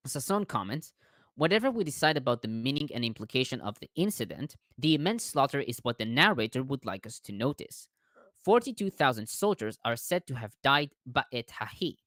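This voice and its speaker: A man reading out scholarly commentary on a text, careful and measured, stumbling now and then on long words. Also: mid-range voice, big pitch swings, fairly bright tone, no room sound, clean studio sound. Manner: careful reading with small restarts on hard words.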